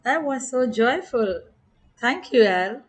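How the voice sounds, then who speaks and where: A woman's voice: on the high side, animated, slow pace. A woman hosting a video call, giving brief, gracious introductions of each speaker. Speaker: host.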